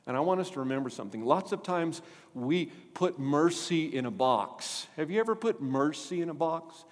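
A man's voice: a little high, moderate pace. Preaching man in a reverberant hall. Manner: animated, asks the congregation questions. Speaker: pastor. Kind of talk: sermon.

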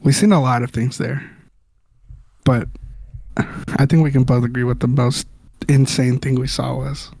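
A man's voice: medium pitch, flat delivery, unhurried, gravelly, long pauses, darkish tone, no echo. A young man from Southern California, co-hosting a casual podcast chat and telling stories in a laid-back, wry way. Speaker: podcast co-host.

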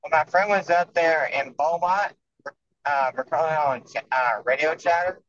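A man guesting on a casual podcast, telling a story haltingly with fillers. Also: on the high side, a bit bright. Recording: dull lo-fi remote audio.

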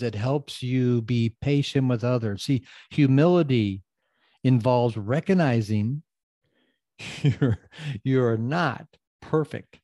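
A man hosting a podcast, giving a motivational talk and repeating phrases, swinging from loud emphasis to quiet asides. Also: mid-range voice, no room sound. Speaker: podcast host.

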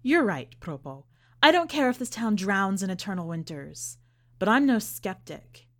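A woman reading a story aloud, voicing a defiant young woman who speaks in a steady, cutting way. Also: mid-range voice, moderate pace, lightly acted. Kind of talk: audiobook character voice.

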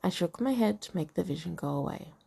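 Gravelly woman reading a racy novel aloud. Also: lowish voice, lively intonation, fairly quick, mellow. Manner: reads dialogue and narration, breaks off to comment and laugh. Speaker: reader of a novel. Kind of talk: casual reading aloud with asides.

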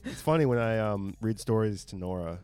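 A man's voice: fairly low pitch, a little fast, darkish tone, clean tone, no echo, soft background music. A man in his thirties co-hosting a podcast, chatting casually about football with an easygoing, hedging manner. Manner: easygoing, hedging, laughs often. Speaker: podcast co-host. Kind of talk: casual sports chat.

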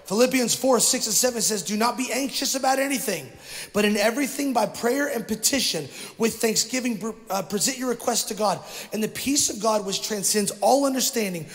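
A middle-aged male pastor delivering an energetic sermon and calling on the congregation to repeat words after him. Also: extremely high pitch, fairly quick. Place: church sanctuary. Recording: long hall reverb from a church.

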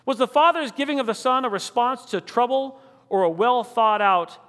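Man preaching a sermon, high bright voice, slows way down on the big questions, long church reverb. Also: expressive. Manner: dramatic, rhetorical questions, slows for emphasis.

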